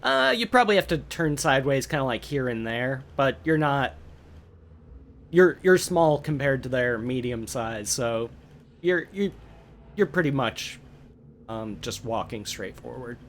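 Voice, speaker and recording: A man narrating a tabletop game as game master, often pausing with fillers as he describes scenes. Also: medium pitch, animated. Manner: hesitant, filler-heavy narration.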